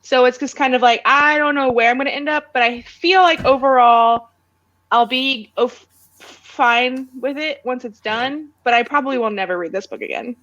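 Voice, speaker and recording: Female co-host, high and bright voice, dry sarcastic delivery, casual podcast chat. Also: moderate pace, muffled recording. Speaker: book club podcast co-host. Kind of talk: casual book discussion.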